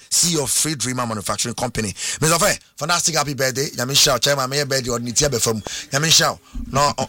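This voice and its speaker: Ghanaian man, radio host, quick talker, bright tone, dry close sound, lively banter. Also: dry recording. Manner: lively, switches between languages, jokey, jumps up in pitch. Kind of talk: casual banter and birthday shout-outs.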